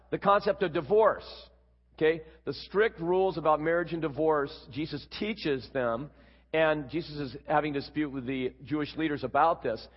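A man's voice: on the high side, husky, muffled recording. Preacher man in an echoey hall. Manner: explanatory teaching, quick asides. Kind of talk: sermon.

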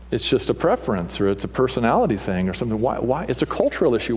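Middle-aged pastor preaching, lively and theatrical, does little voices, big echoey sanctuary sound. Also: male voice, fast, few pauses, slightly rough. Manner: animated, mimics people with raised pitch and punchy delivery. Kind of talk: sermon.

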